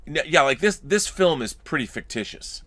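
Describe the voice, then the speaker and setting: A man's voice: fairly high pitch, expressive, normal speed, fairly bright tone, no echo. A man co-hosting a casual podcast, chatting about a film and reading out viewer comments and letters, with frequent restarts. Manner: rambling, restarts, reads letters aloud. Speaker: podcast co-host.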